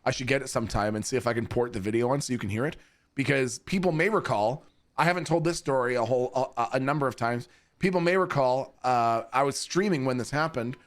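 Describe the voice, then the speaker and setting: A man's voice: medium pitch, quick pace. A man streaming from home and casually telling wild stories to his chat, swearing and laughing often. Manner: animated, profane, laughing between lines.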